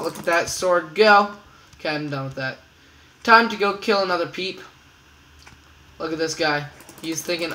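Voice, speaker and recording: A man casually commentating his own gameplay as host, excitable and repeating catchphrases in a singsong. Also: on the high side, normal speed, long pauses, a little hiss or hum, rough recording. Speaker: gamer host.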